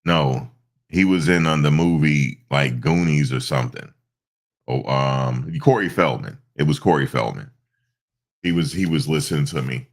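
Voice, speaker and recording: Stuffed up guy chatting on a live stream, super low voice with lots of gravel, rambles and ums a lot. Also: normal speed. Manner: rambling storytelling with many fillers. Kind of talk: casual live-stream chat.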